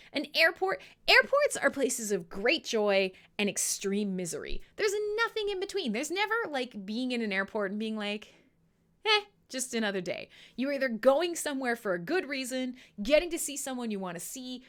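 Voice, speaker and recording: A woman's voice: medium pitch, sharp tone. A woman hosting a live show, telling a story in a swearing, joking way, acting out quotes and laughing. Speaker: host of a live radio show. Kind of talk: casual storytelling to live listeners.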